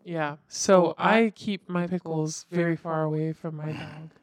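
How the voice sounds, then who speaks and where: Lowish voiced woman cohost, dry jokes, dead dry sound. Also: steady tone, measured pace, no echo. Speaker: podcast co-host. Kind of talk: casual chat.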